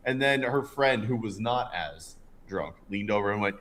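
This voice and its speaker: A man's voice: medium pitch, moderate pace. A man in his thirties co-hosting a casual show, telling stories and acting out other people's lines. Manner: animated storyteller, acts out voices in anecdotes. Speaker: podcast co-host. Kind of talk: casual chat.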